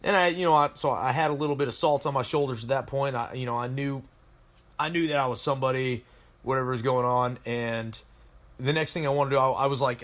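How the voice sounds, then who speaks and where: A man's voice: medium pitch, steady tone, fast, fairly bright tone. A man in his thirties from Colorado, a Marine veteran guest telling rambling, profane stories in casual chat. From Colorado, USA.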